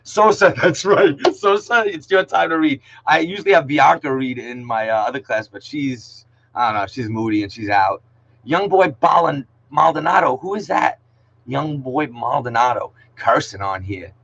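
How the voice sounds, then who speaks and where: The recording is muffled, carrying a medium-pitched voice that's creaky, fairly bright and slightly rough, at a moderate pace. The speaker is a man teaching middle school English online, casual and jokey, slangy, sprinkling in "yo" and calling out students by name.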